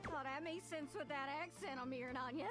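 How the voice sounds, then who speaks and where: A woman's voice: sits high, brisk, over music, close to an everyday voice. A woman with a Newfoundland accent voicing a chatty, eager young woman traveler in a game, rambling and apologetic. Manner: rambling, apologetic, folksy dialect. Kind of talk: game voice acting.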